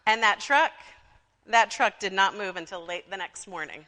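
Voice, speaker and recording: A woman's voice: medium pitch, normal speed, pushed and bright, a little hiss or hum. A woman pastor preaching a storytelling sermon in a church, talking conversationally with frequent asides to her congregation. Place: church sanctuary. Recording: long reverb of a church sanctuary.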